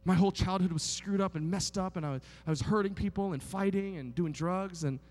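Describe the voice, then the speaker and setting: High-voiced animated preacher man. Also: brisk, long reverb tail. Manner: animated storytelling, swings from hushed to near-shouting; keeps asking the crowd "right?". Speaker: pastor. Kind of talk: sermon.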